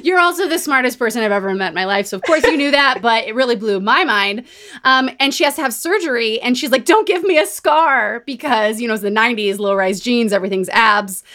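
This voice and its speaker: A woman podcast host in casual chat, telling stories in a chatty, animated way. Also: on the high side, quick pace. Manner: chatty, animated storytelling with laughs and quoted voices. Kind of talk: casual chat recapping a book.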